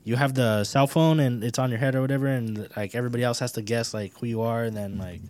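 A man's voice: medium pitch, fairly even intonation, quick pace, a little mellow, dry recording. Dry, rambling young podcast host man. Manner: loose, rambling and swear-heavy, with many fillers. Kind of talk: casual podcast chat, reading out a news story.

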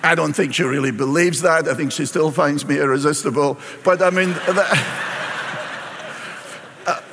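A middle-aged pastor, preaching a sermon and reading scripture aloud before explaining it. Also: male voice, a little high, moderate pace, fairly bright tone, slight background noise. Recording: long reverb in a large hall.

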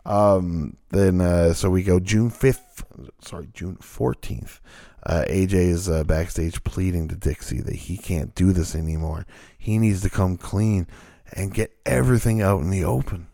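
A man's voice: sits low, unhurried, gravelly, dark tone, no room sound, studio quality. A man co-hosting a podcast in loose, rambling casual chat, swearing freely. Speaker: podcast co-host.

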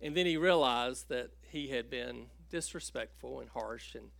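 Slow, bright-voiced male pastor preaching. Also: mid-range voice, gravelly, no echo. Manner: halting, with many fillers and restarts; storytelling with a joke. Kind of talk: sermon.

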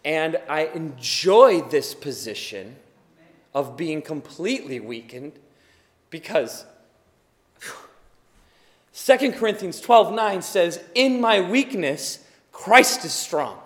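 A tired man preaching as a pastor, earnest and swinging from quiet to loud emphasis. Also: fairly high pitch, sing-song, slow pace, long pauses, in a large hall. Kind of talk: sermon.

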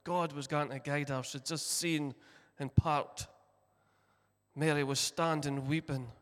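Slow, passionate preacher in a reverberant church. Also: male voice, on the high side, steady tone. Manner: retells a story, acting out the voices in it; swings between loud passionate lines and hushed ones. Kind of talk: sermon. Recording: long hall reverb.

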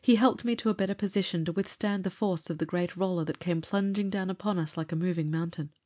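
A woman narrating a vintage adventure story for an audiobook. Her voice sits a bit low and she reads in a measured, steady manner.

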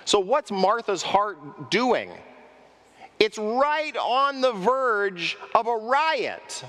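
A man's voice: high-pitched, extremely slow. A male pastor delivers a sermon in a church, his voice swinging widely up and down as he acts out quoted lines. He keeps turning to the congregation with direct questions. His voice carries a long echo from the sanctuary. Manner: animated preaching, acting out quoted speech. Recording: echoey hall reverb.

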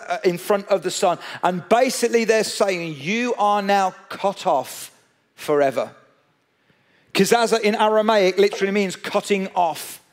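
A man preaching a sermon, telling a story with animated energy and speaking straight to his listeners. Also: high voice. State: out of breath.

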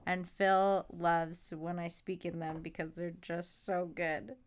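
A woman's voice: fairly low pitch, level tone, takes it slowly, clean tone. A woman hosting a casual chat, sarcastic and self-mocking, laughing often. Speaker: podcast host.

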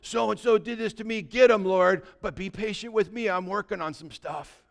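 A self-righteous churchgoer, as a pastor acts him out, whines and pleads for payback on someone else while begging patience for himself. His voice is high and smooth. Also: normal speed. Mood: whiny. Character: self-righteous male churchgoer praying for revenge.

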